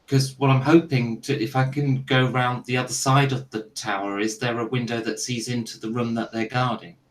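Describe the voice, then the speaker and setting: A man's voice: medium pitch, fairly even intonation, normal speed, a little hiss or hum, low-quality recording. A man playing a tabletop game, asking the game master careful questions about the scene. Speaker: player. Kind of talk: casual tabletop game chat.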